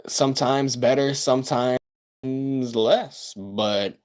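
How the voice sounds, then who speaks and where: A male streamer talking to his chat in an unhurried drawl. He hypes himself up and repeats lines for effect. His volume jumps from loud bursts down to low mutters. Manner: boastful, self-hyping. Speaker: live streamer. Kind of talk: casual livestream chat with viewers.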